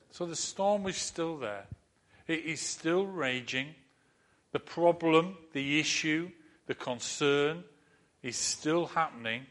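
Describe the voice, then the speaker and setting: Earnest guy preaching a sermon, bright clear voice, goes soft and gentle at times. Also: mid-range voice. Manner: earnest, repeats phrases, drops to soft comforting tones. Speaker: pastor.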